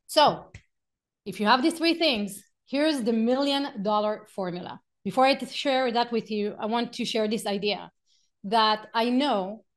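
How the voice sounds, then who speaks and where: A middle-aged woman teaching a live workshop, animated, acting out quotes and stories and laughing often. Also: a little high. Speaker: workshop speaker.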